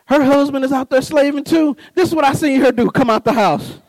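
A middle-aged man preaching with humor, telling stories, mimicking voices and laughing, swinging from low mutters to high shouts. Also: fairly quick, no room sound, poor audio. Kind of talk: humorous sermon.

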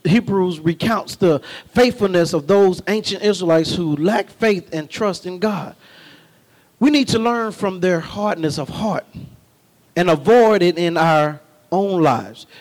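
A man preaching a sermon, folksy and calling on the congregation, rising to shouts. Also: sits high, a little slow. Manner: call-and-response, folksy, shouting at peaks.

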